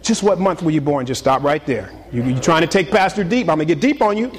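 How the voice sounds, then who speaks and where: A pastor preaching a sermon to his congregation, swinging between loud exclamations and hushed, confiding asides. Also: a little high, expressive, fast, long reverb tail.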